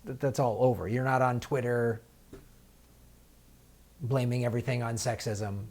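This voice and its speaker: A man's voice: medium pitch, fairly even intonation, normal speed, a little mellow. A man hosting political commentary, talking in a heated, sarcastic way with lots of filler words and restarts.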